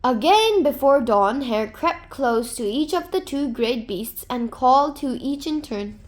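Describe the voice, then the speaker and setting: Slow, high-voiced woman storyteller. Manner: gentle, expressive, unhurried. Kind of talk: storybook narration for children.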